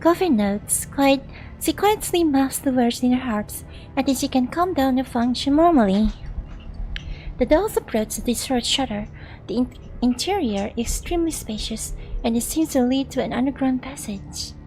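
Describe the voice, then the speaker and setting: A woman's voice: high-pitched, expressive, moderate pace, darkish tone, faint music behind, poor audio. A young woman streamer with a Singaporean English accent, reading game narration aloud and chatting between lines. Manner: chatty, reads narration then asides to chat. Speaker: VTuber streamer.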